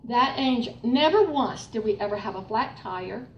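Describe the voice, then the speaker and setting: An older woman telling a faith testimony to a church group, animated and storytelling. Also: on the high side, moderate pace, highs cut off. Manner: animated storytelling, laughing through excited parts. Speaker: speaker giving a testimony. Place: room with a gathered group. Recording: roomy, distant mic with faint noise.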